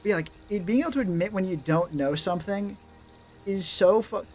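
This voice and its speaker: A man's voice: sits high, brisk, darkish tone, soft background music. A man streaming live, talking casually in a rambling, sarcastic way and swearing a lot.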